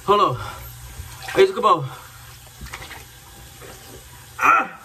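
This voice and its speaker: Brief: young man, high lively voice, teasing and boastful, recorded off-mic in a noisy room. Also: normal speed, recorded from a distance. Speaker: vlogger. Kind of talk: casual teasing vlog banter. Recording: roomy sound from off-mic with loud background noise.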